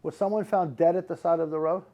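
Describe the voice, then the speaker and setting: A middle-aged man works a live audience as a psychic medium. His voice sits a little high, and he talks in rambling, emphatic runs, repeating words again and again to drive a point home. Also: fairly even intonation, fast talker, mellow. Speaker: psychic medium giving readings.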